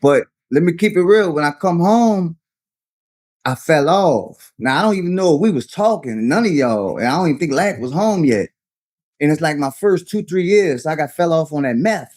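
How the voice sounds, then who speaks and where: A man's voice: on the high side, moderate pace, dry recording, clean studio sound. A man, telling long stories in casual talk and calling people "son" and "dog" as he goes. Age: 30s. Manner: animated storyteller, slangy, says "son" and "dog" often. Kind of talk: casual storytelling.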